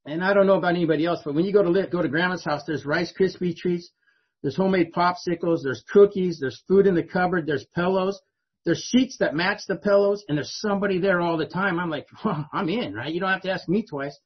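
A man's voice: high-pitched, fast, breathy edge, muffled recording. A middle-aged man telling his own life story to an audience in a conversational way, often asking "right?". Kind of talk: personal storytelling speech to an audience.

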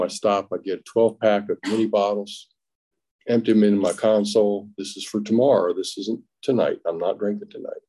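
A middle-aged man tells his own story at a recovery meeting in a plainspoken, halting way, often restarting and acting out what was said. His voice sits very low and sounds dark and mellow. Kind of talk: personal testimony at a recovery meeting.

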